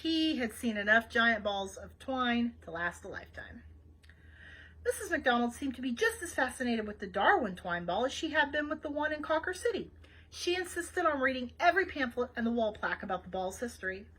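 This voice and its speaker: A woman reading a children's novel aloud for a library program, expressive and chatty, with small asides to her listeners. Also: a little high, a little fast, poor audio. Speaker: library read-aloud host.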